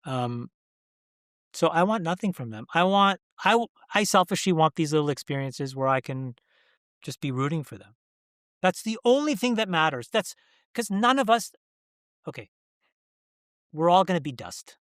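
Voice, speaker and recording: A man's voice: a little high, very animated, a bit bright, no echo. Emphatic middle-aged man, dry studio sound. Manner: emphatic, repeats rhetorical questions, halting when emotional. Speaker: interview guest. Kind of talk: candid interview conversation.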